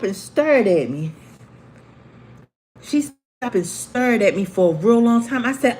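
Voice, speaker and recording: A woman's voice: mid-range voice, unhurried, pauses often. A woman in her forties, casually telling a personal story to viewers on a livestream and acting out the voices of the people in it. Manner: animated, acts out quoted voices. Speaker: livestream host.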